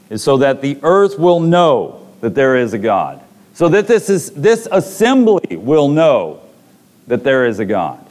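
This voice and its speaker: A man's voice: medium pitch, darkish tone. A man preaching a sermon to a congregation, reading scripture and retelling stories with dramatic voiced quotes.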